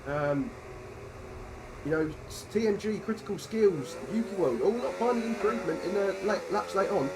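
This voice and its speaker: A man calling a sim racing session live, his voice sitting a little high. He talks in loose, jokey banter and swears freely. The stream mic carries a clear layer of noise behind him. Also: lively intonation, moderate pace. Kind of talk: casual live-stream commentary. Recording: noisy home stream mic.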